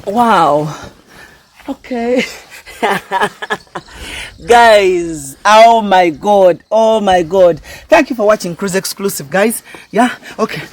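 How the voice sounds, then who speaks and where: Excitable Ugandan man vlogging. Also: high-pitched, extremely slow, slight background noise. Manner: exclamatory, repeats phrases, mixes English and Luganda. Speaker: vlog host. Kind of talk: excited travel vlog.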